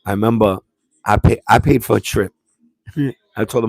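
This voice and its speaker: A man's voice: lowish voice, normal speed, creaky, darkish tone, no room sound. A man from Puerto Rico hosting a livestream and telling a family story in a rambling, streetwise way, restarting his sentences and dropping slang. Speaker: livestream host.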